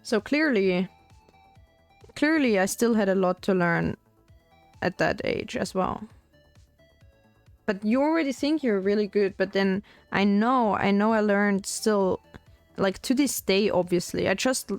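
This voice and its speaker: A woman's voice: mid-range voice, dry recording. A young woman streaming as a VTuber, chatting in a rambling, casual way while she paints miniatures, full of "like" fillers.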